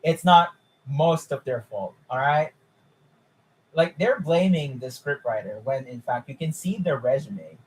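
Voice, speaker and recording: A young man chatting casually on a live stream, excitable and incredulous, swearing freely. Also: medium pitch, measured pace, low-quality recording.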